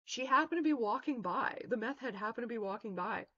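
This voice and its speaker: A woman's voice: on the high side, animated, fairly quick, bright, forceful tone. A woman streamer telling a long story in a casual, rambling way, full of swearing and fillers. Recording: dull lo-fi stream mic.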